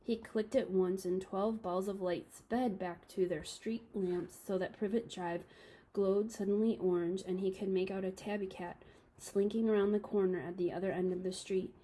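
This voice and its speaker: Mellow, breathy woman reading aloud. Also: medium pitch, normal speed, rough recording. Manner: calm, steady, small slips and self-corrections. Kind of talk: reading a children's novel aloud.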